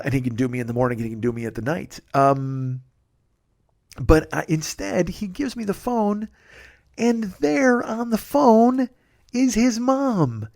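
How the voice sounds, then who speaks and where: A man, a comedian telling a profane, rambling story on his podcast and often cutting himself off mid-sentence. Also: on the high side. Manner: profane, rambling, self-interrupting. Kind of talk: casual storytelling monologue.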